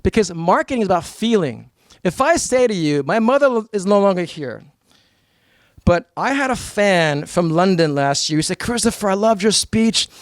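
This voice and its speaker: An American man from New York giving a blunt, energetic talk to a live seminar audience as a motivational speaker. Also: high-pitched, moderate pace, dry recording. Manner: energetic, blunt and emphatic, with mock voices.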